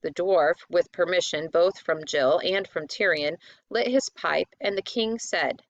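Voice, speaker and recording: A woman narrating a children's fantasy book in a steady audiobook reading. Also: lowish voice, a little slow, hardly any pauses, no echo, muffled recording.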